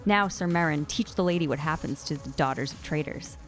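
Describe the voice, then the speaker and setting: A woman's voice: low voice, brisk, soft background music, voice pushed down, natural voice. Woman reading as a cruel boy king. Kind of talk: reading fan fiction aloud.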